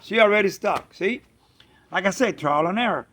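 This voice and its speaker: A man casually telling a story, animated, acting out friends' voices and bird sounds. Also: high-pitched, normal speed. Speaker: pigeon fancier, channel host.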